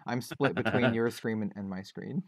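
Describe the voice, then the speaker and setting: A man's voice: fairly low pitch, normal speed, vocal fry, no room sound, clean studio sound. An American man hosting a podcast in easygoing, chatty conversation. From United States. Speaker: podcast host. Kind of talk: casual chat.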